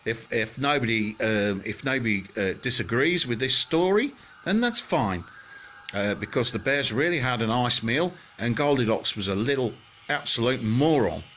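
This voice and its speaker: A man telling a rambling comic bedtime story, full of halting restarts. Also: mid-range voice, expressive, fairly bright tone, slight background noise.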